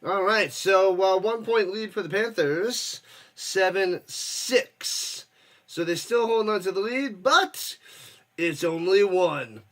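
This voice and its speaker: High, bright-voiced excitable male game commentator. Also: slow. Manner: excitable, yells on big plays, chats with viewers. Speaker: watch-party streamer and host. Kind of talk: casual live play-by-play commentary.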